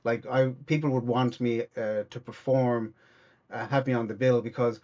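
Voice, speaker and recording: A man's voice: medium pitch, fairly even intonation, brisk, a little mellow, lo-fi sound. A man with an Irish accent, a comedian telling stories in a casual interview, rambling with lots of restarts. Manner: rambling, many restarts and fillers. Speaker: comedian guest.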